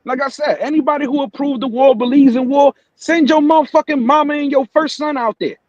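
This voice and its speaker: A man's voice: very high-pitched, fairly quick, darkish tone, dull audio. A man hosting a casual live-stream morning show, ranting heatedly and swearing often. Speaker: host.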